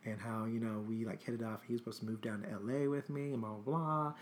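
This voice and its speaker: A man casually recounting a personal story as a podcast host, chatty and animated, full of filler words and swearing. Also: on the low side, fast talker, a little hiss or hum.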